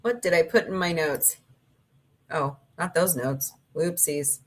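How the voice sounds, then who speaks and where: This livestream host, a middle-aged woman, talks loosely with her viewers, reads their comments, and wanders through stories with a bit of swearing. She has a low voice and speaks a little slowly.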